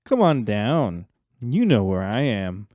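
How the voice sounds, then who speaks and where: A man voicing a taunting male Witch King villain in a comic radio drama, with a low, slow, mocking drawl. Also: big pitch swings, a little mellow, no room sound.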